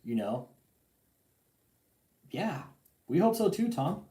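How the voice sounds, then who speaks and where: A man hosting a casual call-in talk show, ranting in a profane, animated way with lots of slang. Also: on the high side, slow, echoey room, a little hiss or hum, low-quality recording. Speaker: podcast host.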